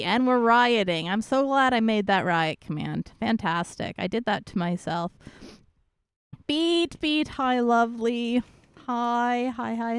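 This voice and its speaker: A woman's voice: medium pitch, clean tone, no echo, studio quality. A woman streamer in casual chat, greeting viewers one by one in a bubbly, playful way.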